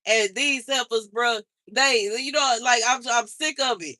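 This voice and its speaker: Bright-voiced woman venting on stream. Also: fairly high pitch, unhurried, few pauses, dry recording. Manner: exasperated venting, repeats herself, slangy. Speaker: livestreamer. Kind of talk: casual livestream rant.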